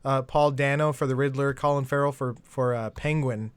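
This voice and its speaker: A man hosting a podcast, talking fast and casually and swearing freely. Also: medium pitch, fairly even intonation, clear, resonant tone, dry recording. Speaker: podcast host. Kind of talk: casual chat.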